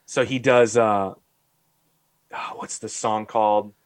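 A man's voice: fairly low pitch, takes it slowly, smooth, no room sound. Ranting man on a podcast. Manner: animated ranting, heavy use of "like"; exasperated, mocking. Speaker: podcast host. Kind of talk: casual podcast chat.

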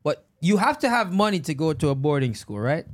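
A man's voice: on the high side, very animated, fairly quick. A Jamaican man hosting a casual chat with friends, asking curious, teasing questions. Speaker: host.

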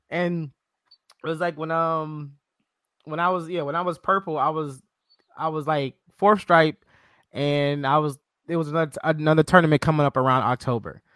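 A man's voice: on the high side, normal speed, long pauses, dry recording, studio quality. A man hosting a podcast, chatting casually and telling stories with many fillers. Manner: relaxed, many "you know" fillers, quotes himself. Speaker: podcast host. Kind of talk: casual chat.

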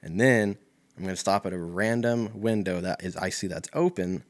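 Young dude riffing solo on a podcast, kinda low voice, swears a lot, rambles. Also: male voice, moderate pace. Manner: rambling, profane, laid-back with frequent fillers. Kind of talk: casual comedic monologue.

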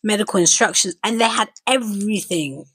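A woman with a husky, slightly breathy voice chats on a podcast, recounting events with lively, animated storytelling. The sound is dry and close, with no room around it. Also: mid-range voice, fairly quick, no room sound. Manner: animated storyteller, acts out quoted dialogue. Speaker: podcast co-host and mother. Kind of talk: casual chat.

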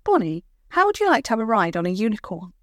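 A woman's voice: medium pitch, sing-song, fast, dry recording, clean studio sound, natural voice. A woman voicing a brave, kind young princess adventurer, speaking earnestly and friendly. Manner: urgent and warm, friendly.

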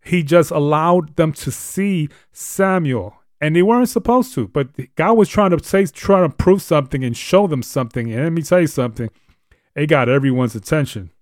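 A man's voice: on the high side, normal speed, darkish tone, no room sound. Earnest man with a dry close sound. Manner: earnest, repetitive and emphatic. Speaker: host. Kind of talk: live show teaching on the Bible.

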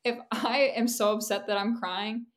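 A young woman co-hosting a podcast chats in a relaxed, candid way, rambling, laughing often and saying "like" a lot. Her voice sits a little high and her pace is moderate.

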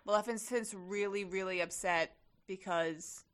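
A woman's voice: mid-range voice, fairly even intonation, unhurried, slight background noise. A young woman co-hosting a podcast in casual chat, rambling with lots of fillers and the odd swear. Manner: chatty, lots of fillers and profanity. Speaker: podcast co-host.

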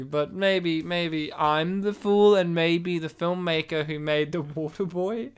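A man co-hosting a casual movie watch-along podcast, chatty and joking with quick asides. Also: high-pitched, fairly bright tone, smooth. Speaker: podcast co-host.

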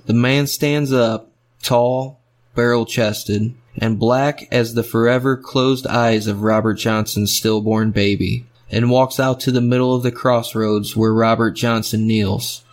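A man's voice: medium pitch, fairly even intonation, measured pace. A man narrating a story in rhythmic, fragmentary phrases.

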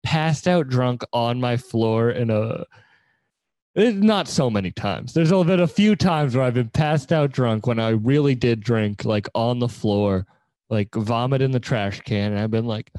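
A man's voice: medium pitch, unhurried, dry recording. Brief: young male podcast host, giggly and profane, dry close sound. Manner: laughs often, swears, animated storytelling. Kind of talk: casual chat.

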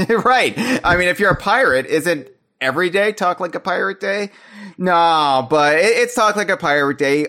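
A man's voice: high-pitched, lively intonation, normal speed, bright, forceful tone. A man hosting a podcast interview, playful and jokey in a casual chat. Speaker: podcast host.

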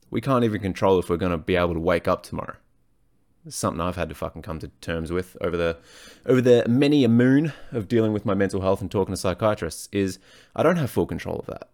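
A man's voice: sits low, a little mellow. A man, a fitness coach, talking alone on his podcast in a blunt, profane, rambling way. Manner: blunt and profane, frequent swearing; rambling, self-correcting, off on tangents. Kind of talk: solo podcast monologue.

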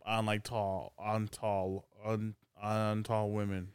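A man's voice: lowish voice, little pitch movement, slow pace, smooth, no room sound, studio quality. A man co-hosting a podcast, laughing often and tripping over his words. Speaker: podcast co-host. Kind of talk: crude casual banter.

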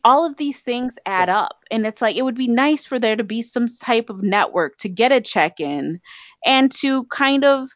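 A woman's voice: fairly high pitch, expressive, moderate pace, no echo, clean studio sound. A woman guest in a casual podcast chat, talking in a tentative, hedging way as she thinks aloud.

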